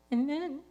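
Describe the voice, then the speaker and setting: A woman with a high-set voice and dark tone recounts a personal story for a podcast. She rambles in a relaxed way, leaning constantly on "like" and "um."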